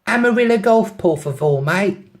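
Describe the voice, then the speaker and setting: A man putting on a shrill London girl. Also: lively intonation, moderate pace. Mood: cheery. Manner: high, shrill, nosy and gossipy. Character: brash young London woman tourist, loud and chatty.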